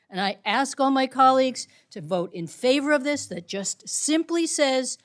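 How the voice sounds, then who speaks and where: A woman's voice: sits high, animated, unhurried, hardly any pauses. A woman committee member delivering an earnest closing statement with pointed appeals to colleagues. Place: committee hearing room.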